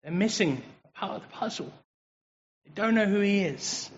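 An English man giving a chatty, lively sermon as a preacher, joking with the congregation. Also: sits high, moderate pace, slight background noise. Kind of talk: conversational sermon. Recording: dull, reverberant hall sound.

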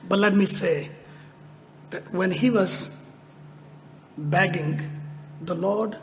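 A man preaching a sermon, slow and emphatic, repeating his phrases and lifting his voice sharply on quoted prayers. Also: high-pitched, in a large hall, a little hiss or hum.

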